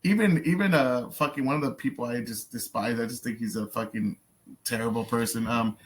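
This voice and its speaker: A man's voice: mid-range voice, a little fast. A man hosting a reaction video, talking in a blunt, profane, casual way. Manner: profane, blunt, lots of fillers.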